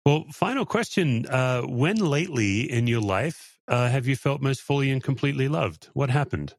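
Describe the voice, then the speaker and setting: A man's voice: mid-range voice, lively intonation, moderate pace, no echo, clean studio sound. A man hosting an interview podcast, talking in an earnest, thoughtful and emphatic way. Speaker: podcast host. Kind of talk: interview conversation.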